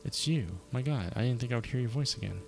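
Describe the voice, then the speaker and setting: A man's voice: medium pitch, fast, gravelly, a little mellow, faint music behind, voice pushed up, natural voice. A man voicing a fragile, shaken woman speaking through an old intercom, reading her lines in his own voice.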